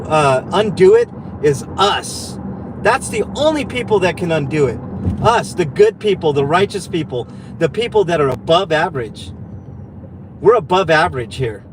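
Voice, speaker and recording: Guy ranting mad in his car, highish voice, sarcastic and swearing, faint car noise. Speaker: livestreamer. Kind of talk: angry livestream rant. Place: in a car while driving.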